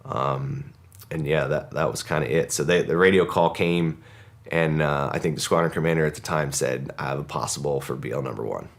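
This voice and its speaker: A man giving an interview, recounting events in a measured way with frequent "uh" and "um". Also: a bass voice, gravelly. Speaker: interview guest, former special operator. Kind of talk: casual storytelling.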